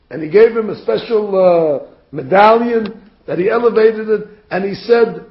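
High-voiced man telling a Torah lesson. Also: unhurried. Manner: animated storyteller, rising to emphatic peaks. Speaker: religious teacher. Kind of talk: storytelling Torah class. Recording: roomy, dull recording.

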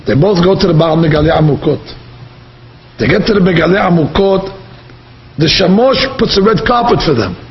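A man's voice: high voice, animated, a little fast, dull audio, a little hiss or hum. A man preaching a religious story in a vivid, dramatic manner, repeating short phrases for effect.

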